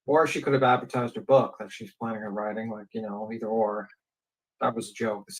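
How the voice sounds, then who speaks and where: A man's voice: fairly low pitch, fairly even intonation, fairly quick, rough recording. Man making dry joking asides.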